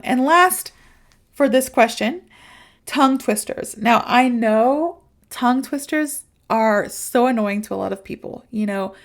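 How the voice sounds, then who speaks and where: A woman's voice: fairly high pitch, expressive, measured pace. A woman hosting a podcast as a teacher, talking casually and upbeat straight to her listeners. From United States. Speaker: podcast host and English teacher. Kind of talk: casual solo podcast talk.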